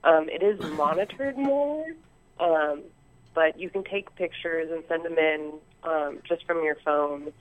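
A woman calling in to a show, talking excitedly and rambling with lots of ums, heard over a phone-like internet line. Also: low voice, unhurried. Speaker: caller. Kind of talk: call-in chat.

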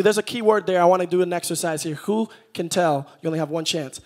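A man preaching a sermon to a live church congregation, repeating phrases and building to loud, shouted peaks. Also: high voice, fast talker, few pauses. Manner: engages the congregation directly.

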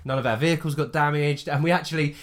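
A man's voice: on the high side, fairly even intonation. A man, a podcast co-host and game player, chatting casually and enthusiastically about his character and the session. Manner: fast, enthusiastic, laughs often.

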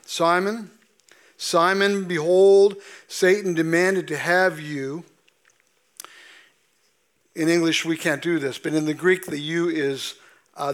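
A pastor in a church sanctuary preaches from the pulpit slowly and deliberately, drawing out scripture quotes for emphasis. His voice is high for a man.

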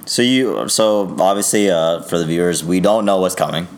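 A young man hosting a casual impressions game among friends, relaxed and steering the turns. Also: deep voice, moderate pace. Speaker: game host.

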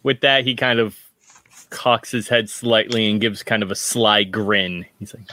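A man's voice: on the low side, level tone, measured pace, pushed and bright. A man playing a tabletop game, talking in a sly, easygoing way. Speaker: player.

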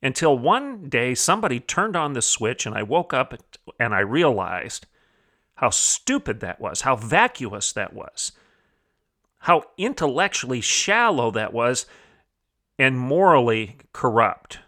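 A man's voice: mid-range voice, very animated, measured pace, sharp tone. A man hosting a commentary show, talking emphatically, repeating phrases for stress and asking rhetorical questions. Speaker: podcast host. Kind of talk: opinion commentary monologue.

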